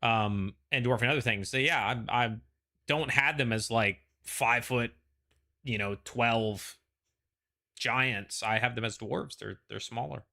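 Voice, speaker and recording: A man's voice: mid-range voice, measured pace, vocal fry, pushed and bright. A man hosting a casual panel chat, rambling with lots of "like" and "you know" and frequent restarts. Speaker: show host.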